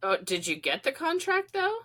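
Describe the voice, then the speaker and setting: A woman co-host giving short, quiet reactions and laughing in casual chat. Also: high-pitched, huge pitch swings, moderate pace. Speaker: podcast co-host.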